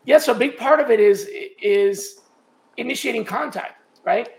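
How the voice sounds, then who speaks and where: A man's voice: very high voice, normal speed, creaky. A man speaking as a podcast guest, explaining his working methods step by step in a casual, conversational way with frequent restarts. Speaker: guest, sourcing trainer.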